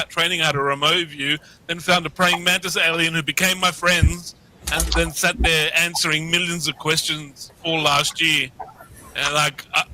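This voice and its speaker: A man's voice: a little high, pushed and bright, a little hiss or hum, poor audio. A middle-aged man telling a story as a guest over a video call, rambling, swearing freely and restarting his sentences. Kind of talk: casual storytelling.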